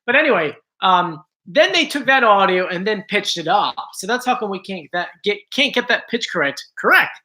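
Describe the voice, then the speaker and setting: A man's voice: high voice, lively intonation, normal speed, hardly any pauses, bright, forceful tone. A man hosting a casual livestream, chatting to viewers with frequent restarts and apologetic asides. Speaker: host.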